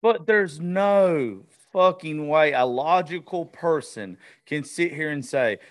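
A man's voice: on the high side, slow pace. A male podcast host in casual, profane chat, often stumbling and restarting his sentences.

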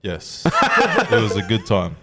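Australian man, young adult, low voice, casual podcast banter, crude laughing stories. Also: huge pitch swings, slow, very noisy. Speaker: podcast co-host.

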